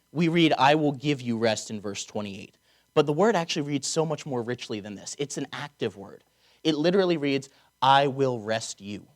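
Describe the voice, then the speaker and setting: A man preaching a conversational sermon, slowing down to stress key words and dropping wry asides. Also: mid-range voice, animated. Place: chapel or auditorium.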